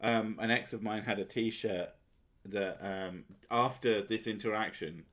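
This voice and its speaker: A man's voice: fairly low pitch, fairly even intonation, measured pace, a bit bright. A man hosting a casual chat, sweary and sardonic, often laughing at his own jokes. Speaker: podcast host.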